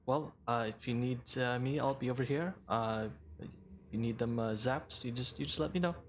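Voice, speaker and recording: A man voicing a nervous, fawning male guard who talks haltingly. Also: medium pitch, slight background noise, lightly acted. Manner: hesitant, halting.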